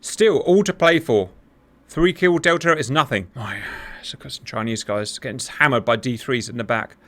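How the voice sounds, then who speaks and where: A man hosting and commentating a simulated air battle, talking straight to viewers, joking and cheering loudly as it unfolds. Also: medium pitch, normal speed, a little hiss or hum. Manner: animated, jokey, talks to viewers, cheers loudly. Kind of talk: excited gaming commentary.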